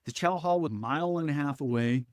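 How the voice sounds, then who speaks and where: Lively storytelling man, dry close sound. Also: a little high, fast, no echo. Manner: animated, acts out quoted officers and his younger self. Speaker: podcast guest, former Marine. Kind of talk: storytelling in conversation.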